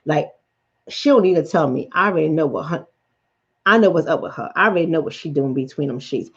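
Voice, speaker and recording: A woman's voice: low voice, fairly quick. A middle-aged woman from the Bronx with a New York accent, a relationship coach telling stories bluntly and profanely on a late-night stream. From the Bronx, New York City. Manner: blunt, profane, animated storytelling. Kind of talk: late-night livestream chat. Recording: dull lo-fi sound.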